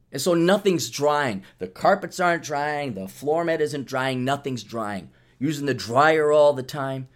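A man's voice: on the high side, slow pace. A man hosting a podcast, telling rambling, profane stories and acting out quotes. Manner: profane, animated storyteller who acts out quotes. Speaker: podcast host. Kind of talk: rambling comedic monologue.

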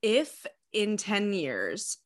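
A woman's voice: mid-range voice, very animated, extremely slow. A woman co-hosting a comedy podcast, teasing her guest and drawing out her questions. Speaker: podcast co-host. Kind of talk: casual comedy podcast chat.

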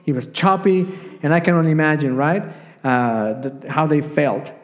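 High-voiced male preacher in a reverberant church. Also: moderate pace. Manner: animated storytelling, acting out the quotes he tells. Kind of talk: sermon. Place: church sanctuary. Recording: long church hall reverb.

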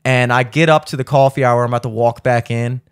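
In casual chat, a man with a clean-toned voice tells a long story at a quick pace. He's animated and swears often, acting out what others said in a high voice.

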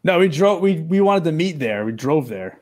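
A player at a tabletop game rambles through a story in an animated way. The man's voice sits a little high. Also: normal speed.

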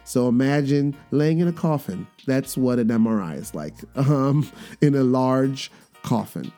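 A man in his thirties hosting a podcast, telling a story in a casual, animated way and acting out the quoted lines with sudden jumps in pitch. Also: a little slow. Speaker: podcast host. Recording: faint guitar music underneath.

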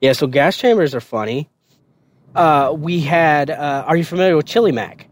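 A man telling basic training stories in a casual, profane and animated way on a podcast. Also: a little high, moderate pace, slight background noise. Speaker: podcast guest storyteller. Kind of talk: casual storytelling.

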